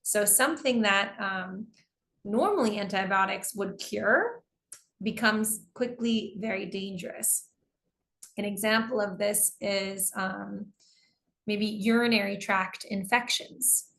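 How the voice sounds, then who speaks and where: Gravelly-voiced American woman teaching a class. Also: mid-range voice, takes it slowly, fairly bright tone. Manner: explains patiently with examples, reads out students' answers. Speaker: English teacher. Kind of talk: online class lesson.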